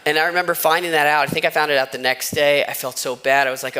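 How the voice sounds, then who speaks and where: This man's voice is on the high side, a little fast and sharp, as he preaches a sermon as a church pastor. He talks conversationally, telling stories with asides, recorded on a wireless microphone in the church sanctuary.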